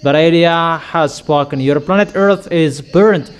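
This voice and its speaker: Male preacher, slow and emphatic, higher-pitched, sudden loud outbursts. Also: smooth. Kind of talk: sermon.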